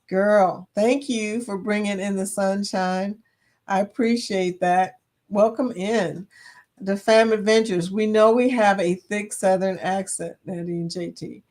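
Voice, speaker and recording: A woman with a Kentucky accent hosts a casual livestream, talking easily with her viewers. She reads their comments aloud and often breaks into laughter. Her pitch sits in a middle range for a woman. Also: slow pace, darkish tone. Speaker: livestream host.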